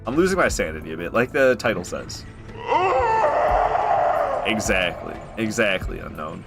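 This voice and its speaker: A man's voice: deep voice, lively intonation, moderate pace, creaky, loud music behind the voice. A man streaming a video game, rambling and joking through casual commentary and swearing freely.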